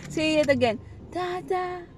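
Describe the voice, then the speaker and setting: A woman's voice: on the high side, moderate pace. A young Filipino mother chatting casually on a vlog, coaxing and scolding her toddler while waiting outside. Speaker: mother vlogging with her children. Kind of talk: casual vlog chat, mixing Tagalog and English. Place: outdoors waiting near a clinic. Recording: noisy traffic behind. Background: passing vehicles.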